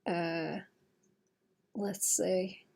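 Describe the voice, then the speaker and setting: A woman's voice: on the low side, fairly even intonation, drawn-out words, gravelly, a little mellow. A woman in her late twenties, an artist chatting casually on a livestream while drawing, swearing freely and laughing at herself. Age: late 20s.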